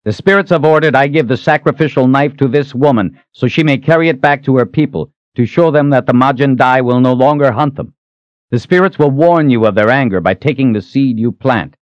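A man voicing a defiant young male hero who wields magic, speaking forcefully and with measured threats. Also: mid-range voice, no echo, lo-fi sound, pitched above the performer's own voice, lightly acted.

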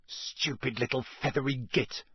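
A man's voice: high-pitched, sing-song, unhurried, breathy edge, no room sound, studio quality, voice pushed up, exaggerated voice. A man voicing a blunt, hot-tempered teenage schoolboy in a storybook reading, snappy and grumbling.

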